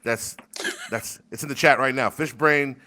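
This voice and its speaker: A man's voice: medium pitch, moderate pace, sharp tone. A man rambling in casual chat on a desk microphone, crude and laughing often, telling stories about his rap community. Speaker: rapper and community member.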